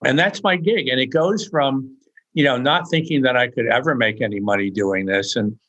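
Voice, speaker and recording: A man's voice: medium pitch, moderate pace, a bit bright. An older man, an author being interviewed, telling funny stories in a rambling, chuckling way with many restarts. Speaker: author guest. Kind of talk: casual anecdotal storytelling.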